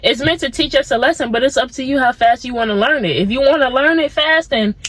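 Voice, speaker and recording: A young woman talks outdoors in a laid-back, rambling motivational vlog and keeps drifting into side thoughts. Her voice sits fairly high. The sound is close and dry. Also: quick pace, a bit bright, no room sound, poor audio. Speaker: vlogger. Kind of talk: casual motivational chat. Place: outdoors among plants.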